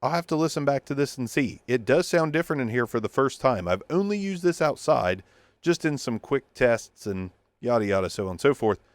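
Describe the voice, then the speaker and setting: A man's voice: medium pitch, very animated, a little fast, dry recording. A man giving a casual, joking microphone review from his home studio, thinking aloud as he tests the gear. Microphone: testing a handheld wireless mic.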